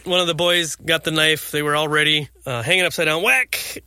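A man tells a story in an easygoing chat, with a very bright, piercing tone and a voice sitting a bit high for a man. He keeps it animated and laughs often, and the sound is close and dry. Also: quick pace, smooth, no room sound. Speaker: parent of seven boys.

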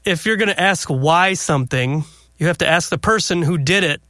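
A man's voice: on the high side, normal speed, sharp tone, dry recording, studio quality. A man in casual conversation about faith, telling a story and laughing often.

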